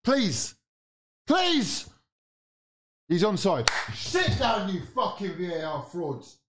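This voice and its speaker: Excitable sweary man reacting to football. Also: high-pitched, measured pace, noisy background. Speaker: football watchalong streamer. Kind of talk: live football watchalong reaction.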